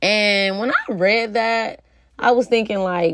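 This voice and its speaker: A woman's voice: medium pitch, measured pace, a bit bright. A woman hosting a podcast, talking through her opinions in a blunt, emphatic, profane way and often turning to the listener with rhetorical questions. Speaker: podcast host. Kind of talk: casual opinion monologue.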